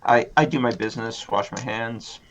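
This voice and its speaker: A man's voice: medium pitch, steady tone, normal speed, a bit bright, lo-fi sound, slight background noise. A man playing a tabletop role-playing game, speaking casually and stammering a little. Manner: hesitant, stammering. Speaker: player.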